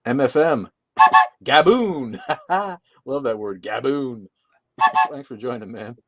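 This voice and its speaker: A man's voice: mid-range voice, lively intonation, normal speed. A man co-hosting a casual livestream, reading out chat comments with loose, profane jokes.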